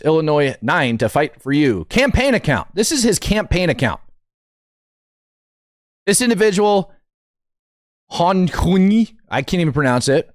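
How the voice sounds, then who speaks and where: Blunt male commentator with a lively, dry voice. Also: on the high side, no room sound. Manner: blunt, combative, indignant. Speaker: political commentary show host. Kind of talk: opinionated live commentary.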